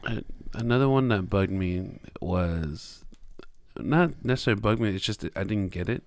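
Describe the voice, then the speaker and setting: Man, low voice, smooth and resonant, hesitant podcast co-host. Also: lively intonation, no echo. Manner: hesitant, pausing often with fillers. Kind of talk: casual movie review chat.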